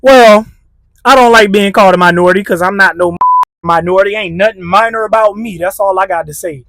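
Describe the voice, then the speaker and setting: A man's voice: sits high, fairly quick, a bit bright, dry recording. A man hosting a reaction commentary, blunt and heated, with street slang. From United States. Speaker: commentary channel host.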